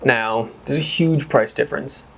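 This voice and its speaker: A man's voice: medium pitch, unhurried, creaky, breathy edge. A man reviewing whiskey in a casual, rambling chat that wanders off on tangents and is full of exclamations. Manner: exclaims and swears freely.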